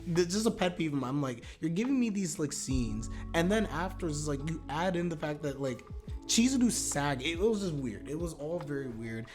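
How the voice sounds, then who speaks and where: A man's voice: fairly high pitch, lively intonation, fairly quick, a little mellow, soft background music. A young man talking casually and animatedly in a video review, rambling with fillers and restarts. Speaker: manga reviewer.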